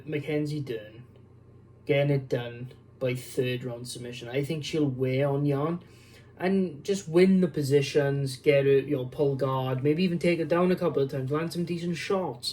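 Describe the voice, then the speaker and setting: Warm and medium-pitched, this man's voice carries a little hiss or hum. Hosting his own MMA picks channel, he's weary and yawning, offering casual, wandering predictions with lots of fillers and restarts.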